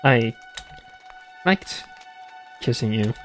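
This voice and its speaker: A man's voice: medium pitch, animated, very slow, soft background music, pitched below the performer's own voice. A man voicing a shy, earnest young woman guide in a visual novel, speaking hesitantly with stammers. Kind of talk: reading a visual novel aloud.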